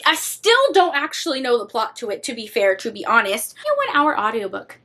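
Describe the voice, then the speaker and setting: Young female book vlogger, high-pitched, expressive and dramatic, casual swearing. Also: fairly quick. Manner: animated, dramatic, swears freely. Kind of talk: casual reading vlog chat.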